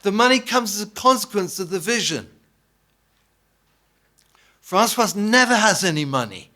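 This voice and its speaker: Male preacher from England, slightly high pitch, chatty anecdotal sermon delivery. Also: big pitch swings, normal speed, sharp tone. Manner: anecdotal, conversational, asks the congregation "yeah?"; acts out quoted dialogue. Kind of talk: informal sermon.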